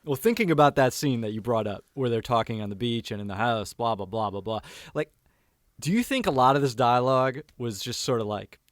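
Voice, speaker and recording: A man trading blunt, profane opinions on a movie podcast, often breaking into laughter. His voice is recorded close and dry, with no room sound, at a middle pitch. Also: lively intonation, a little fast, no room sound. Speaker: guest. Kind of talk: casual chat.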